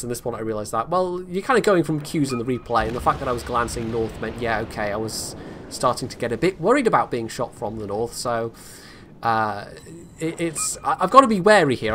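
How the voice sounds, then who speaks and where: A man's voice: medium pitch, fairly bright tone, a little hiss or hum. A man giving casual, self-critical commentary over his own game replay, rambling with frequent restarts. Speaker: gameplay commentator.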